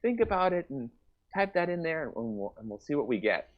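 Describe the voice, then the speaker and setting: A man's voice: fairly high pitch, very animated, a little fast, dull audio. A man hosting an improvised comedy live stream, upbeat and chatty as he addresses viewers over a video call. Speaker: improv show host. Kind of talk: live-stream show introduction.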